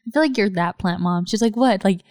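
A woman chatting casually and telling stories with lots of animation, filling her talk with "like" and jumping up in pitch when she quotes friends. Her voice is smooth and clear, and it sounds dry and close to the mic. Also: quick pace, no room sound. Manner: animated storytelling, lots of "like", acts out quotes in a higher voice. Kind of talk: casual chat.

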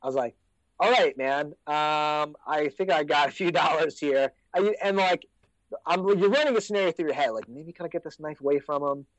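An American man telling stories in a casual chat, laid-back and profane, often trailing off into low asides. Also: a little fast, no echo. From United States. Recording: dry, dull lo-fi sound.

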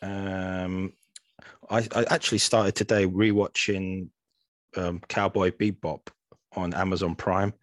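A man's voice: sits low, level tone, takes it slowly. A young man co-hosting a gaming podcast in easygoing, sweary casual chat, peppering his talk with "man.". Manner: laid-back, sweary, says "man" a lot. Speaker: podcast co-host. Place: home room, green-screen beach backdrop.

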